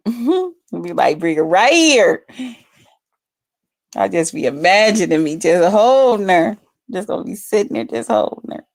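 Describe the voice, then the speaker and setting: A woman's voice: mid-range voice, big pitch swings, a little slow, gravelly, long pauses, no room sound. A woman chatting casually to her viewers on a phone livestream from home, rambling and swearing freely. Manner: rambling, profane, talks straight to viewers.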